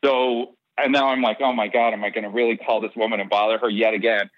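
A man with a lowish voice talks fast, with no echo, spinning casual anecdotes in an interview about being a soap opera head writer. He enacts the dialogue with lively energy, and the podcast recording sounds dull, dry and lo-fi.

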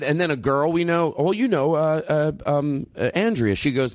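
A man's voice: a little high, big pitch swings, brisk, few pauses, no echo. A man hosting a comedy podcast, chatting in a rambling, self-mocking way full of restarts and fillers. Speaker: podcast host. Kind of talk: casual comedy chat.

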